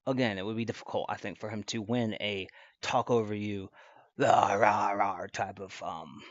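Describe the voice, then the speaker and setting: A man with a fairly low voice hosts a stream and rambles through his commentary, full of fillers and false starts. The audio is dry and a bit muffled, like a lo-fi home mic. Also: fairly even intonation, normal speed, no echo. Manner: rambling, many fillers and restarts. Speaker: stream host. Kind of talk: casual commentary.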